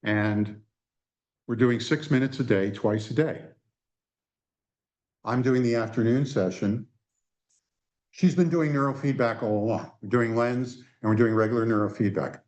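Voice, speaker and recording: A man presenting a workshop at a conference and telling a personal anecdote. He keeps it lively and acts out the dialogue. His voice sits in an ordinary middle pitch. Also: unhurried, long pauses, highs cut off.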